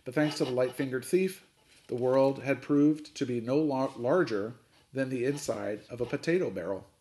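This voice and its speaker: A man, a coach, reading a chapter book aloud with expressive storytelling narration. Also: medium pitch, normal speed.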